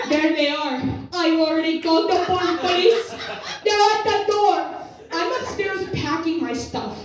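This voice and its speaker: Animated young woman telling stories, echoey. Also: very high-pitched. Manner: animated, swearing, acts out family members' voices. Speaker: comedian telling a story. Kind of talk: storytelling at a live comedy show. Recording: echoey room from far off the mic.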